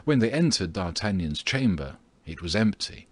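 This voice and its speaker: A man narrating an audiobook with a steady, measured reading. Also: low voice, breathy edge, dry recording. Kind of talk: scripted narration.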